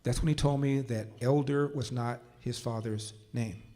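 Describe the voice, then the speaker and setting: An older man speaking at a conference, telling a personal story that leads into a political speech, slowing down and dropping quiet for emphasis before rising to forceful points. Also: medium pitch, steady tone. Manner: storyteller who slows down and drops quiet for emphasis, then rises to forceful points. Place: conference hall stage.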